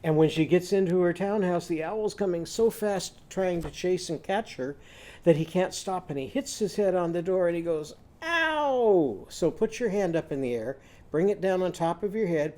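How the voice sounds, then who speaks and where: A man's voice: high-pitched, normal speed, mellow. A man teaching a children's phonics lesson, modelling sounds in a sing-song way for the class to repeat.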